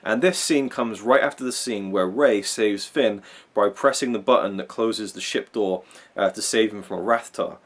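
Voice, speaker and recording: A man's voice: lowish voice, normal speed. A man hosting a film review channel, talking in a casual, rambling way and often repeating or restarting words. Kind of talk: casual fan commentary countdown.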